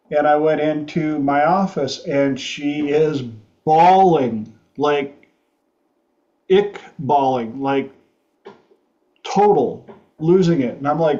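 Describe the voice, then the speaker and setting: Slow-talking man telling a story. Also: fairly high pitch, warm tone, lo-fi sound. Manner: rambling, frank, with repeated restarts. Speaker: podcast host. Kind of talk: storytelling chat.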